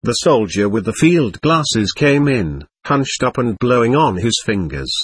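A man with a husky voice reading a first-person war memoir aloud, in measured storytelling. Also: medium pitch, animated, no echo. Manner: measured storytelling, voicing the soldiers lightly. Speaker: audiobook narrator.

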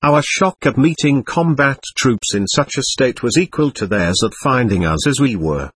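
A man reading a war memoir aloud in scripted audiobook narration, measured and somber. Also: medium pitch, animated, fairly bright tone, husky, no echo.

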